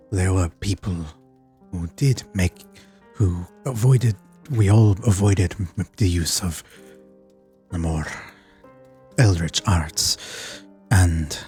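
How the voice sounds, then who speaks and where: A man doing a grave, hushed workshop keeper. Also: deep voice, voice pushed down.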